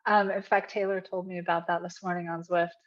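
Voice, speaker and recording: A modest woman guest explaining things in a matter-of-fact way. Her low, flat voice comes through a dull, lo-fi recording. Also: brisk. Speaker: podcast guest. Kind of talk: casual interview chat.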